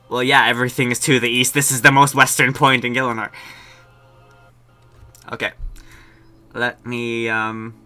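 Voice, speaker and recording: A man's voice: medium pitch, bright, forceful tone. A young man giving casual, jokey gameplay commentary as a streamer, chatting with his viewers. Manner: chatty, jokey, talks to chat. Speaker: game streamer.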